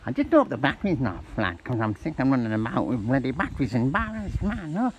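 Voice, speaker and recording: A man working alone outdoors holds a comic argument with himself, swapping between a high agitated voice and a low calming one, with plenty of swearing. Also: a little fast, hardly any pauses, lo-fi sound, a little hiss or hum. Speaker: vlogger working alone on his yard. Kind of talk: comic self-dialogue. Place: outdoors at a work yard.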